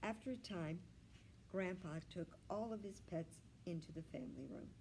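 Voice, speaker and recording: A woman librarian reading a children's storybook aloud in a gentle, expressive way. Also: fairly low pitch, moderate pace, slight background noise, low-quality recording.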